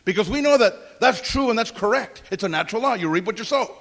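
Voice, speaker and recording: Male pastor, high register, animated and emphatic, preaching to his congregation. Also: fast. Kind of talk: sermon.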